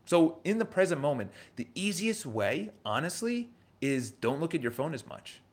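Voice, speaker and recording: A man's voice: fairly high pitch, very animated, normal speed. A man in his thirties with a New York accent, hosting a casual motivational livestream, emphatic and repetitive, with a lot of rhetorical questions. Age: 30s. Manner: emphatic, repeats himself, asks rhetorical questions. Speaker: livestream host.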